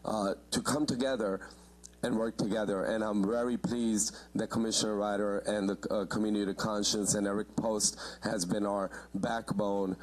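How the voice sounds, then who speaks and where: Husky earnest man at a hearing. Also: lowish voice, little pitch movement, low-quality recording. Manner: earnest, halting, many fillers. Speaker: community member giving public testimony. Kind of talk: public comment at a committee hearing.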